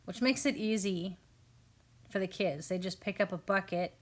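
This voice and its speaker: A woman's voice: medium pitch, moderate pace. Chatty mother narrating her family garden. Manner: chatty, amused, quotes family members. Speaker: family homestead vlogger. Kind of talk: casual voice-over narration of garden video.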